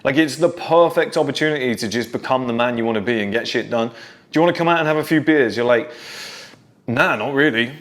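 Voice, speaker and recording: A man's voice: medium pitch, quick pace. Blunt, swearing man giving a pep talk. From United Kingdom. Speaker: self-improvement creator. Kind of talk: motivational monologue.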